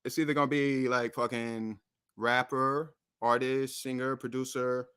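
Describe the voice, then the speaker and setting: A man's voice: medium pitch, flat delivery, measured pace, a bit bright, clean tone. A man hosting a casual music livestream, talking in a loose, rambling way with swearing and frequent self-corrections. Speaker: streaming show host and rapper.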